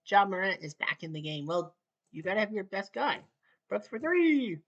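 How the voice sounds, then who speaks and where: Her voice sits on the low side and the sound is lo-fi. The Canadian woman gives casual solo play-by-play of a basketball video game, using clipped, quick calls and wry asides, with excitement building near the end.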